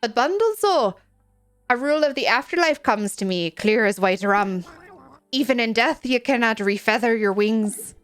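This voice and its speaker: A woman voicing a gruff, wistful old ghost pirate parrot in a video game, speaking in a halting, makeshift pirate lilt. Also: on the high side, fairly even intonation, fairly bright tone, no room sound, soft background music, natural voice.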